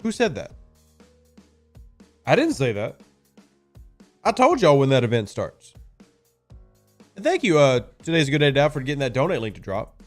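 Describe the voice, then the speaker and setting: A man's voice: medium pitch, very animated, moderate pace, pauses often, soft background music. A man hosting a casual game live stream, chatting with viewers and answering their questions in a sarcastic, talkative way. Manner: sarcastic, chatty, talks to chat.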